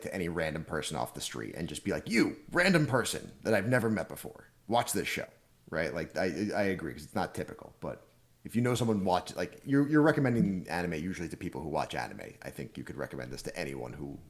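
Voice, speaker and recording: A man co-hosting an anime podcast in casual chat, laying out his points in a measured, orderly way. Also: rumbling low, expressive. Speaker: podcast co-host.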